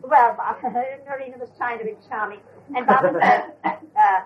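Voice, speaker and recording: A woman's voice: on the high side, normal speed, a little hiss or hum. An older woman retelling an anecdote from memory, hesitant with fillers, on a dull lo-fi recording. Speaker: storyteller.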